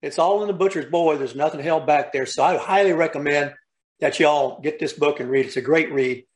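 A man hosting a radio show, talking casually and haltingly with ums. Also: fairly high pitch.

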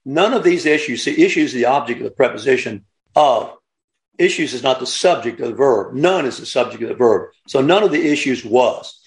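A man's voice: medium pitch, expressive, a little fast. A man giving impassioned commentary, emphatic and digressive, repeating points and lecturing along the way. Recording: roomy echo.

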